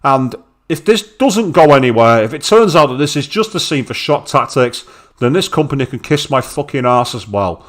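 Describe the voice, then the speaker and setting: A man's voice: mid-range voice, very animated, normal speed. A man, streaming a game live and speaking bluntly with heavy swearing and open anger. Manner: angry, blunt, swears heavily. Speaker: let's play streamer.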